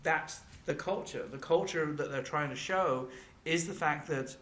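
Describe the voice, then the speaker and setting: A British man in casual podcast chat, halting and restarting his sentences. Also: a little high, fairly bright tone. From Britain. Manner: halting, stammers, restarts often. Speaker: podcast co-host. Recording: echoey room with faint noise.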